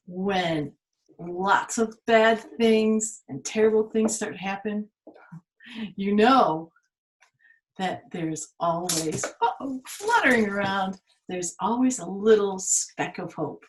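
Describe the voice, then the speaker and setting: A woman telling a story to children at a museum, in a gentle, expressive manner, asking her listeners questions. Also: medium pitch, takes it slowly, long pauses.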